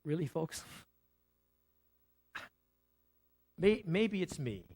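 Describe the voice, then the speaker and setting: Man, pastor, sermon, lively swooping pitch, rhetorical questions, conversational restarts. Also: very slow. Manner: animated, rhetorical questions and repetition.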